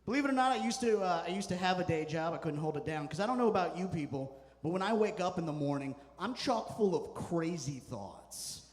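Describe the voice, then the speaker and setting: A man doing a stand-up comedy set on a club stage, telling stories with deadpan punchlines. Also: high-pitched, fairly quick, hardly any pauses, long reverb tail. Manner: deadpan storytelling with punchy asides.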